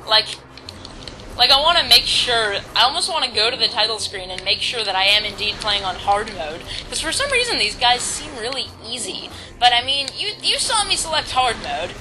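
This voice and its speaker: A woman's voice: mid-range voice, low-quality recording. A woman casually commenting on a video game, rambling and self-deprecating as she reads the on-screen text aloud. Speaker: let's-play commentator.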